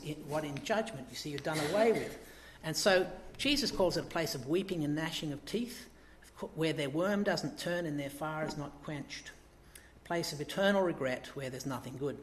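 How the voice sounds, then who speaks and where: Animated preacher man in an echoey church. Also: on the high side, slight background noise. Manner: animated, rising to emphatic peaks. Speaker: pastor. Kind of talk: sermon.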